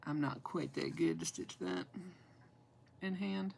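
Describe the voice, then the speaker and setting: A woman's voice: sits low, lively intonation, takes it slowly, vocal fry, darkish tone, a little hiss or hum, poor audio. A woman, chatting casually and self-deprecatingly as she shows her cross-stitch projects, laughing often. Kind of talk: casual show-and-tell chat.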